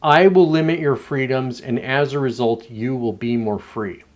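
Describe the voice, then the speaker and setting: A man's voice: medium pitch, moderate pace. A man hosting his own show from home, rambling through casual commentary with plenty of swearing and restarts. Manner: rambling, profane, self-interrupting. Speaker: show host. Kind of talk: casual political commentary monologue.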